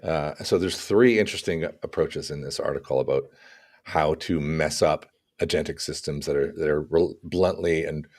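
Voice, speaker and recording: A man co-hosting a casual tech podcast, talking through examples in an animated way with acted-out asides. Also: extremely low pitch, normal speed. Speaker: podcast co-host.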